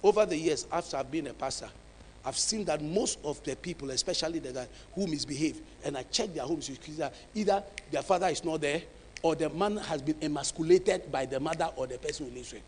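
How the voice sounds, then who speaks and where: A male pastor preaching a sermon, emphatic and dramatic, swinging from hushed tones to shouts. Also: on the high side, fairly quick, in a large hall, slight background noise.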